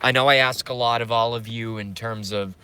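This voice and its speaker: A medium-pitched man speaks a little fast in a steady, sharp, clean voice. Hosting a casual livestream, he rambles with plenty of profanity and emotion, reading out viewer comments as they come in.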